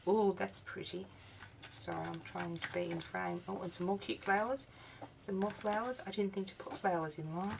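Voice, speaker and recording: A woman's voice: mid-range voice, vocal fry, a little hiss or hum. A woman, tired and yawning, chatting through a craft unboxing vlog and exclaiming over each little item. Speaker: craft vlogger.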